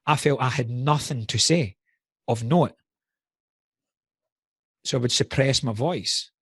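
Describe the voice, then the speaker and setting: A man's voice: medium pitch, takes it slowly, a bit bright, slightly rough, dry recording, studio quality. A man in a casual podcast conversation, blunt and candid, swearing freely while reflecting on personal wounds.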